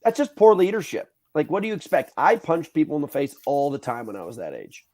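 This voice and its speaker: A man in his thirties hosting a podcast, telling stories in a casual, animated way, swearing freely and acting out what people said. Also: a little high, fast. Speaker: podcast host. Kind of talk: casual storytelling chat.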